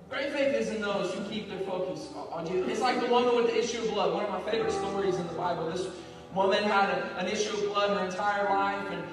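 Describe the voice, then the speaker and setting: A high-voiced male pastor delivering a fervent, repetitive sermon full of rallying calls. He sounds distant and boomy, as if recorded from far back in a large reverberant hall. Soft music plays behind him. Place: church sanctuary.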